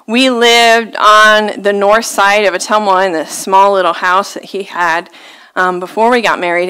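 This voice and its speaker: A woman's voice: mid-range voice, bright, forceful tone, clean tone, low-quality recording. A woman, preaching a sermon and telling a story on herself with self-deprecating laughter.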